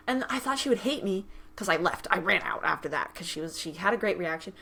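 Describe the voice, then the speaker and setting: A woman's voice: mid-range voice, quick pace, gravelly, hardly any pauses, breathy edge. A young woman hosting a podcast, telling stories in casual chat and acting out the people she quotes. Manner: animated storytelling, acts out quoted voices, laughs often. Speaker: podcast host.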